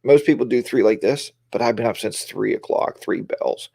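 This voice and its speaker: Gravelly-voiced man rambling on a live stream. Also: medium pitch, normal speed, dark tone, no room sound. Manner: rambling, greets viewers by name. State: tired. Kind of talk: casual live-stream chat.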